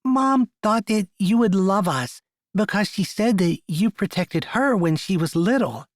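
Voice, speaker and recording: A soft, hesitant little girl from an audiobook, her voice pitched well up into a child's range, as a man acts her out. She speaks quietly and earnestly, picking each word with care. The recording is dry and close, with no room sound. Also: lively intonation, measured pace, no echo. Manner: speaks softly and carefully.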